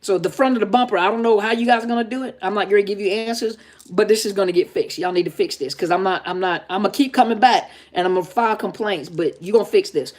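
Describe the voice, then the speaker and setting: This fast-talking middle-aged therapist has a medium-pitched, darkish voice as she leads a live Q&A. Her delivery is casual and emphatic, and she repeats her points straight to the people watching.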